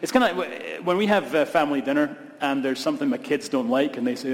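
A man's voice: on the high side, fast. A man from Scotland, a pastor preaching a sermon with emphatic, repeated phrases and humorous asides. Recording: long reverb of a large hall.

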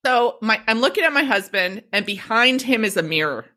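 A woman hosting a podcast, telling a story in a casual, profane, animated way and acting out the quotes. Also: fairly high pitch, fairly quick. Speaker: podcast host.

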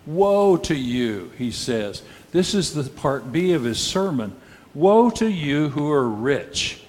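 A man preaching a sermon as pastor, measured and rhetorical, with dry, wry asides and pointed questions to the congregation. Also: a little high, very animated, a little mellow. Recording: long hall reverb.

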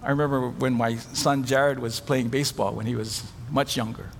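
A man's voice: medium pitch, steady tone, moderate pace, vocal fry, in a large hall, a little hiss or hum. A middle-aged man preaching a sermon as pastor, telling stories with animation and acting out the voices of the people he quotes.

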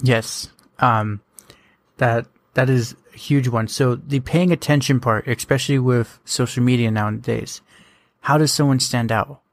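A man's voice: mid-range voice, steady tone, unhurried, no room sound. A man hosting a casual podcast, asking questions with self-deprecating asides. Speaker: podcast host.

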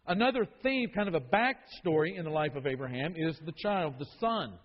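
Speaking briskly and barely pausing, this man leads a sermon-style Bible study in a fairly high, expressive voice. He hammers key phrases through repetition for emphasis, and the audio is dull and lo-fi with long reverb from a hall.

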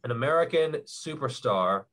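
A young man explaining things in a relaxed, rambling way, with lots of fillers, as a podcast guest. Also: medium pitch, normal speed. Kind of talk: casual chat.

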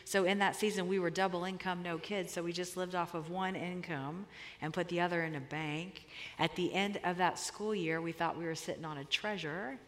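A woman's voice: on the low side, steady tone, moderate pace. Woman preaching in a reverberant hall. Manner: conversational storytelling, emphatic. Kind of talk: sermon with personal story.

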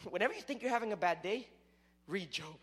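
A man with a very high voice preaches to a young crowd. His delivery is lively and animated, jumping from fervent, loud passages to quiet, hushed ones. He also drops in casual jokes to the people in front of him. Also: fast talker, husky. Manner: casual, joking asides to the crowd. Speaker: youth preacher. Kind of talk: sermon.

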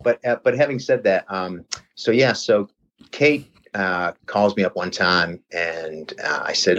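A man's voice: fairly low pitch, moderate pace, dull audio. A man guest rambling through a personal story in casual chat, often stopping and restarting. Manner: rambling, self-interrupting, animated impressions.

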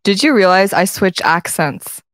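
A young woman co-host with an American-leaning non-native accent, chatting in a lively, playful way. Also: medium pitch, unhurried, dry recording, clean studio sound. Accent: American-leaning non-native English. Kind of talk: casual chat.

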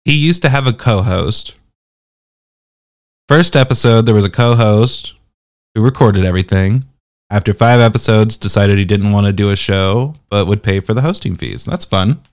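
Teasing man with a lively, bouncy voice. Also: lowish voice. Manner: sarcastic, teasing, jumpy delivery. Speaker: podcast reviewer host. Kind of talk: casual podcast review chat.

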